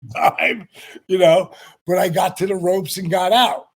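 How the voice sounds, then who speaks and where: Male guest, sixties, lively storyteller, gravelly and raspy. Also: high-pitched, measured pace. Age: 60s. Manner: animated anecdotes, acts out quotes. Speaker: guest, retired pro wrestler. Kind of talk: storytelling interview.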